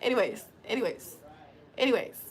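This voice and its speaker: High-voiced woman hosting a rowdy livestream. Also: lively intonation, a little fast, breathy edge. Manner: playful, laughs often, swears freely, mock-preacher teasing. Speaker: livestream host. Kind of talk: casual live-stream chat, reading the chat aloud.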